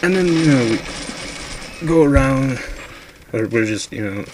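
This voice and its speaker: A man's voice: mid-range voice, expressive, measured pace, noisy background. A man casually telling a drunken ghost story, rambling and swearing a lot.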